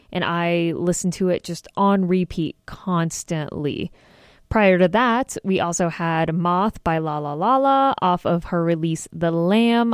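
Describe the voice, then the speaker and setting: A woman's voice: on the low side, darkish tone, clear, resonant tone, dry recording, studio quality. A young woman in her twenties hosting a college-style radio show, chatty and self-deprecating, laughing easily between song back-announcements. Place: radio studio.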